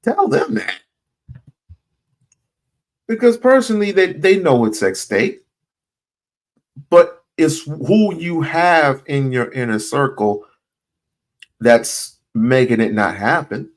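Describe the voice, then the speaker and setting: A man's voice: mid-range voice, big pitch swings, slow. A man hosting a livestream, talking loosely and bluntly, swearing and repeating his points. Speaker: livestream host. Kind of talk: casual livestream talk.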